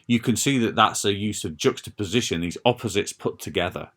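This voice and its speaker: Low-voiced man teaching a recorded lesson. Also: brisk, hardly any pauses, a bit bright. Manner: explanatory, repeats "all right" and "okay" as checks. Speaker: English teacher. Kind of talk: recorded lesson narration over notes.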